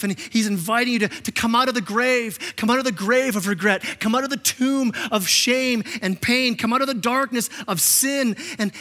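A man preaching a sermon as pastor, impassioned, often repeating words and acting out quotes in a softer voice. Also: very high voice, moderate pace, few pauses. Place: church sanctuary. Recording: long reverb of a church hall.

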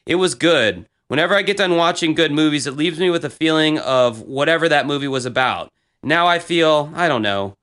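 Bright, profane young man. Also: on the high side, brisk, smooth. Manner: profane, laughing, animated retelling. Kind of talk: casual chat reading old posts aloud.

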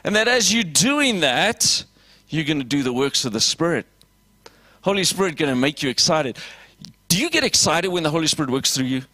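A man preaching a sermon in a lively, conversational way, acting out short exchanges and calling questions to his listeners. His voice sits a little high for a man. The sound is dry and close, with no room echo. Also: moderate pace. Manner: animated preaching with acted dialogue and audience questions. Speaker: pastor.

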